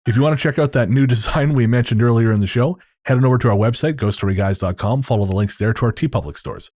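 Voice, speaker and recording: A man hosting a podcast, talking in a relaxed, easygoing way and reading out plugs and credits. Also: medium pitch, fast, few pauses, no room sound, clean studio sound. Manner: relaxed, laughs easily. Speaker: podcast host. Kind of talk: casual podcast outro and banter.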